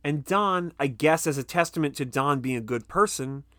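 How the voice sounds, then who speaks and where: Man, podcast co-host, casual film recap, swears a lot, slightly high voice, dry close sound. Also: moderate pace, no echo. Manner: animated, swears freely, acts out characters in a high squeaky voice.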